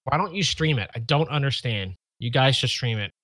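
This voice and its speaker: A man's voice: mid-range voice, animated, brisk, fairly bright tone, no echo. Man, podcast co-host, casual gaming chat, blunt and dismissive, dry close mic.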